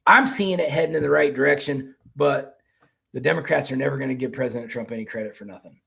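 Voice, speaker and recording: A man's voice: mid-range voice, quick pace, vocal fry, a bit bright, husky. A man with a Kentucky accent hosting casual political commentary, rambling and restarting his words as he talks.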